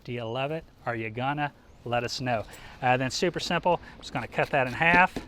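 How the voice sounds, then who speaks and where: A man's voice: mid-range voice, fairly quick, a bit bright, slight background noise. A man hosting a live cooking demonstration, talking casually and upbeat with plenty of fillers as he works.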